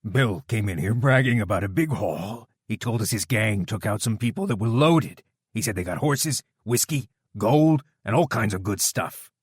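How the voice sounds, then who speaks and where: A man's voice: lowish voice, expressive, normal speed, hardly any pauses, slightly rough, no echo, studio quality. A man voicing a big crude brute who turns to blubbering pleas, in an audiobook. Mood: begging. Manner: loud and crude, pleading tearfully.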